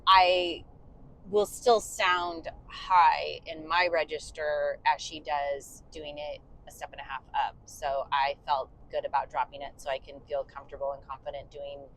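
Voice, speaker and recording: A woman's voice: low-pitched, level tone, a little slow, a bit bright, a little hiss or hum, rough recording. A woman co-hosting a podcast, chatting casually in a moving car, with lots of fillers. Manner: chatty, many fillers, sings short demo bits. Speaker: podcast co-host and bandleader singer. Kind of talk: casual chat.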